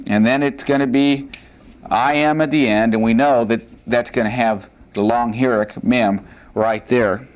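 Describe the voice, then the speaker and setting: A man teaching a Hebrew grammar lesson at a board in a classroom, patiently repeating key points with frequent "all right" and "uh". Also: mid-range voice.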